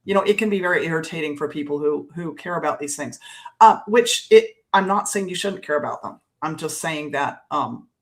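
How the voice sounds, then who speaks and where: A woman's voice: low-pitched, animated, a little fast. A woman co-hosting a podcast, chatting casually in a rambling, self-deprecating way. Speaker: podcast co-host.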